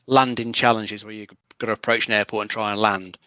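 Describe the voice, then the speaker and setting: A man talks games in a casual panel chat, quick and bright-toned. He explains at length, relaxed, often restarting his sentences. His voice sounds close and dry, with no room around it. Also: lowish voice, smooth, dry recording, muffled recording. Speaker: regular panelist.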